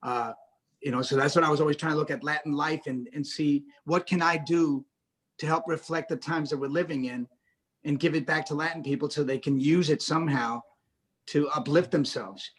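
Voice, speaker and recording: A middle-aged man talks over a video call with a voice pitched a little high for a man. He stumbles and restarts constantly, repeating small words before getting going, and slips in dry jokes at his own expense. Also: steady tone. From United States. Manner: halting, many stammered restarts, self-deprecating jokes. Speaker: actor and director, interview guest. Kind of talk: video-call interview, casual conversation.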